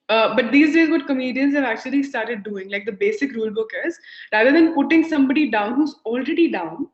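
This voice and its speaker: Young woman tutor on an echoey video call. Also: a little high. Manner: chatty, explains with examples, laughs often. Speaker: English tutor. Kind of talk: conversation practice lesson. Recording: echoey room, dull lo-fi call audio.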